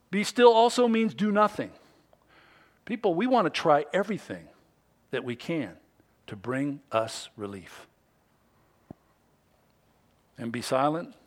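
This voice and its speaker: A man preaching a sermon as pastor, swinging from hushed, quiet stretches to loud, excited ones. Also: on the high side, normal speed. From United States.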